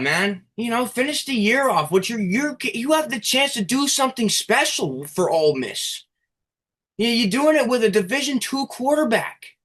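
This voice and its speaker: A man's voice: high-pitched, sharp tone. A young man co-hosting a casual sports podcast, heated and ranting, swearing freely as he argues his point. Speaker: podcast co-host.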